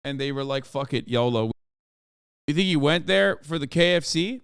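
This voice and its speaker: A man's voice: on the high side, fairly quick, a bit bright, clean tone, no room sound, clean studio sound. A man ranting sarcastically and profanely through political commentary on a livestream. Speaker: streamer.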